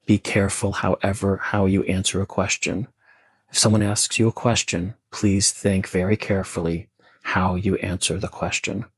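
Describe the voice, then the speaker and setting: A man voicing a wise elderly male rabbi who speaks in an earnest, measured warning tone, with a gravelly, husky voice. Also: sits low, level tone, dry recording.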